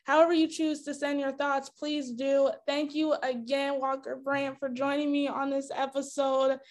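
A woman's voice: high voice, flat delivery, normal speed. A woman hosting a podcast, emotional and laughing as she signs off to her listeners. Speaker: podcast host. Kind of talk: podcast sign-off.

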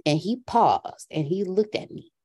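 A woman hosting a podcast, telling a casual story in an animated way and acting out a dialogue with her son. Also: lowish voice, measured pace, breathy edge. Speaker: podcast host.

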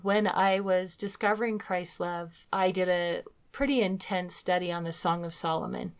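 A woman's voice: on the low side, fairly even intonation, moderate pace, smooth. Earnest middle-aged woman telling her story. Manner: earnest storytelling, acting out her own past words. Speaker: co-host of a Christian talk program. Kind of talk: personal testimony in a faith talk.

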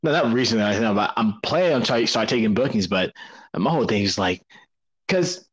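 A man's voice: fairly low pitch, expressive, fairly quick, slightly rough, low-quality recording. A man, a professional wrestler, joking and chatting casually as a podcast guest. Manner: joking, playful, laughs easily.

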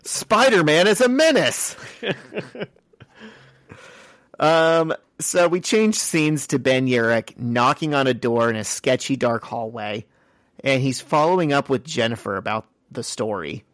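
A man co-hosts a podcast, walking through a comic's plot scene by scene in an easygoing, chatty way. His voice sits at an ordinary middle pitch. The sound is close and dry. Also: a bit bright, no room sound. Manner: brisk storytelling, retells scenes step by step. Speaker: podcast co-host. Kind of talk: casual comic book recap.

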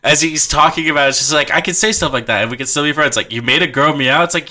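A man's voice: on the high side, quick pace, few pauses, sharp tone. A man co-hosting a casual movie podcast, giggling, swearing and acting out quotes. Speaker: podcast co-host.

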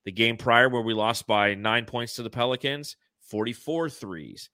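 A man's voice: mid-range voice, moderate pace, pushed and bright, clear, resonant tone, dry recording. A man co-hosting a casual sports podcast, joking and swearing as he breaks down the game. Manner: joking, swearing, mock cowboy drawl at times. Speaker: podcast co-host.

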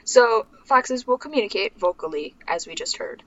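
A woman's voice: on the high side, animated, moderate pace, fairly bright tone. A woman co-hosting a podcast, chatting casually and sharing facts with filler words. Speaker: podcast co-host. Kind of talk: casual chat. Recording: slightly dull lo-fi recording with faint hiss.

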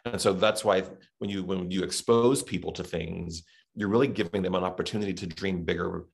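A middle-aged Texan with a Southern accent chats reflectively as a guest in a casual interview, leaning on lots of fillers. His deep, gravelly voice stays steady and moves fairly quickly.

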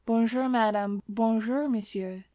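A woman's voice: medium pitch, little pitch movement, a little slow, warm tone, no echo, studio quality, natural voice. Cheerful gossiping café woman in a storybook, musing asides, read by a woman.

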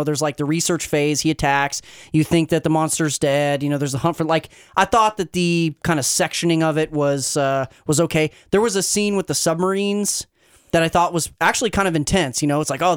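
A man's voice: a little high, brisk, clean tone. A man on a podcast, chatting critically with lots of fillers like "you know" and "like". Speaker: podcast co-host. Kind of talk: casual chat.

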